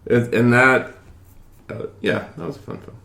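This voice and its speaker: A man's voice: mid-range voice, moderate pace, vocal fry, sharp tone. Snarky man in an echoey room. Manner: snarky, laughing banter. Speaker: podcast host. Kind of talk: casual chat. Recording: roomy echo.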